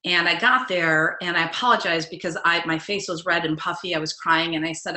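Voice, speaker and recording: A woman's voice: lowish voice, steady tone, a little fast, hardly any pauses, pushed and bright, roomy sound. A middle-aged woman, a life coach giving a motivational webinar talk, earnest and direct, putting questions to her audience.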